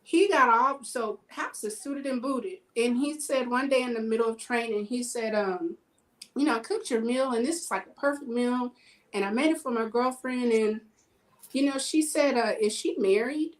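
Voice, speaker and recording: A woman tells personal stories in a loose, chatty way. She acts out the back-and-forth of her stories with lively energy, her voice sitting a bit high. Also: normal speed, low-quality recording. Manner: animated, acts out quoted dialogue. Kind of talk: casual storytelling chat.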